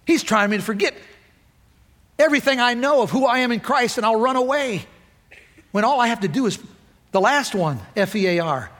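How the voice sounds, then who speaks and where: A man's voice: extremely high pitch, a bit bright. A middle-aged man preaching a sermon with emphatic, rousing call-and-response delivery. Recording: long hall reverb.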